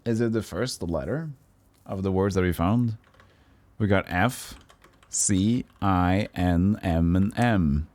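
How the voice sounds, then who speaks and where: A man's voice: low voice, slow, a little mellow, dry recording. Dry-voiced swearing game streamer man. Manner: swears, plays silly voices. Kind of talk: casual game commentary.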